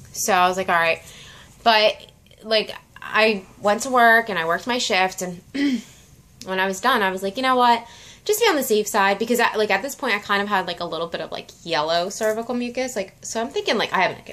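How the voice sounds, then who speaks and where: A young woman chatting to her camera at home at night, her bright, forceful voice pitched a little low. She sounds tired and short of breath, filling her talk with lots of little fillers. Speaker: vlogger. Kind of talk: casual pregnancy vlog.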